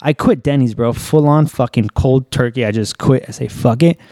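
A man's voice: mid-range voice, normal speed, mellow, no echo. A young man, a podcast guest, telling a personal story in loose, profane, casual talk.

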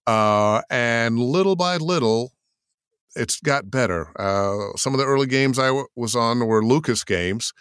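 An older man, a voice actor, answering interview questions in an animated storytelling way, acting out quotes as he goes. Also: medium pitch, unhurried, clear, resonant tone, no room sound, studio quality. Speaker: voice actor guest.

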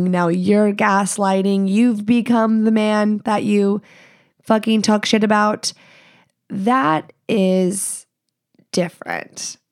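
Blunt, foul-mouthed woman podcast host. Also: a little mellow. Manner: blunt, profane, sassy; mimics others in a higher voice. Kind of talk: casual monologue.

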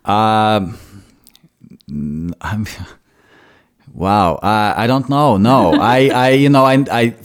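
A man's voice: lowish voice, very slow. A man from Russia with a Russian accent, a guest actor talking thoughtfully in a casual interview and often restarting his phrases.

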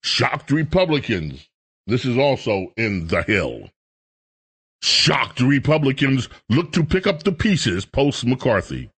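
A man's voice: mid-range voice, sing-song, slow pace, fairly bright tone, slightly rough. A middle-aged man hosting a political talk radio show, delivering a heated, sarcastic monologue. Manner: heated, sarcastic, mocks others in put-on voices.

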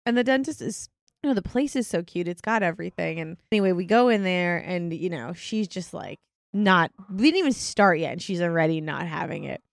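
A woman's voice: on the low side, brisk, vocal fry, no room sound, studio quality. A woman in her thirties co-hosting a casual chat podcast, telling a story with lots of swearing and laughter. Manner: animated storyteller, swears freely, laughs often. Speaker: podcast co-host.

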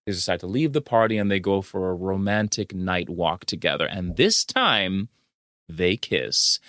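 A man co-hosting a casual podcast, recapping a film with animated storytelling and mock quotes. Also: deep voice, moderate pace, dry recording, studio quality. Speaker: podcast co-host. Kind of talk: casual movie recap chat.

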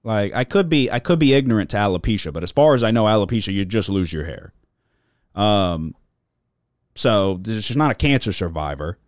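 Low-voiced man rambling, swearing casually. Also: lively intonation, fairly quick, no room sound, clean studio sound. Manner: rambling storytelling, heavy swearing, lots of filler. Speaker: podcast host. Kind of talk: casual chat.

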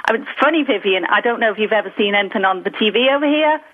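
A middle-aged woman with a Liverpool accent, calling in and telling stories in a lively way, laughing often. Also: mid-range voice, very fast, a little hiss or hum. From Liverpool, England. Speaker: guest caller. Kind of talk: casual chat. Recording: tinny phone line.

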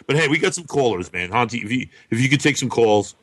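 A man's voice: medium pitch, lively intonation, quick pace, a bit bright, no echo. A man hosting a call-in talk show, laid-back and casually profane. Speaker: host.

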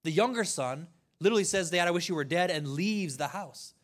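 A man's voice: high voice, brisk. A man pastor giving a conversational sermon, reading scripture aloud and breaking off for casual asides.

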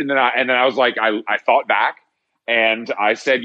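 Male podcast host, mid pitch, jokey and profane, halting with ums and repeats. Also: steady tone, sharp tone, lo-fi sound. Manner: joking, swearing, halting with fillers. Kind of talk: casual chat.

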